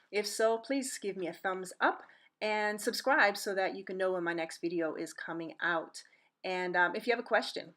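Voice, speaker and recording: A woman's voice: medium pitch, a bit bright. A woman teaching a pronunciation lesson in an upbeat, encouraging and playful way, close to the mic. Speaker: Spanish teacher. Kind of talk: video lesson.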